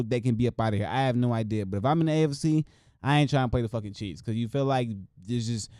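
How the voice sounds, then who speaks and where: A man's voice: mid-range voice, warm tone, clean tone, no echo, studio quality. A young man hosting a sports podcast, talking casually and loosely, joking and swearing a lot as he runs through games. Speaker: podcast host.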